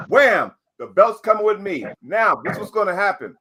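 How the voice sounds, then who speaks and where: Swaggering American man, fairly high voice. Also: lively intonation, quick pace, hardly any pauses, bright, forceful tone. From United States. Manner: swaggering, repetitive, acts out quotes. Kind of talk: boastful trash talk on a call-in show.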